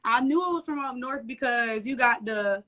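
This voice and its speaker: A woman's voice: fairly high pitch, moderate pace, a bit bright. A young woman, a guest and mother, chatting casually and laughing often on a live video call from a little corner at home. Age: young adult. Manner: laughing often, loose slangy storytelling. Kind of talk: casual interview chat.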